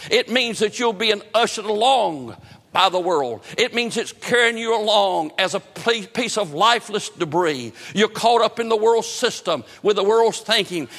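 A man's voice: high-pitched, fairly bright tone, big-room sound. A man preaching a sermon with a fervent, repetitive cadence.

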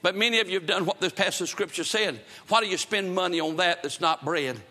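A man's voice: sits high, fast, bright, forceful tone, long reverb tail. A man preaching a fervent revival sermon, with emphatic bursts and repeated phrases. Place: church building before a congregation.

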